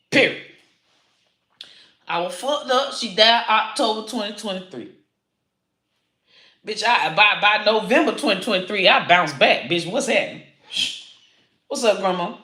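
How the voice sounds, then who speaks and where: A woman comedian ranting to camera, loud and profane, swearing freely and laughing at her own jokes. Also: on the high side, echoey room. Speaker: comedian and online creator. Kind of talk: unscripted profane rant to camera.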